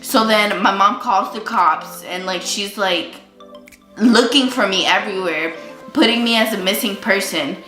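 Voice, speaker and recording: A young woman chats through a casual storytime while doing her makeup at home, filling every pause with likes and ums. Her voice is bright, and she says she is feeling sick. The room rings with echo, and faint music plays underneath. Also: medium pitch. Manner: chatty, lots of likes and ums. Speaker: vlogger.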